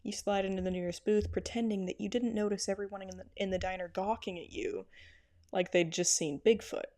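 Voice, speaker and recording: A woman hosts a let's play over game background music, casually commenting and reading the game's text aloud in a playful, chatty way with frequent laughs. Her mid-range voice is a little fast and a little mellow.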